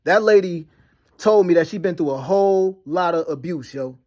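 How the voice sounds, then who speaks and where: A man ranting to camera about being lied about, talking fast with heavy slang, profanity and many restarts. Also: high-pitched, darkish tone. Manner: fast, repetitive storytelling with frequent restarts and "you know what I'm saying". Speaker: vlogger. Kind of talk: rambling personal rant to camera.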